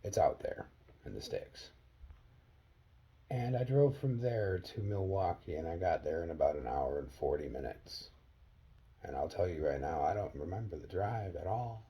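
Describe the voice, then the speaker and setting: A man from Wisconsin earnestly telling a personal story in a vlog, acting out the dialogue with sharp jumps up in pitch. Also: moderate pace, slightly rough, highs cut off. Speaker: vlogger.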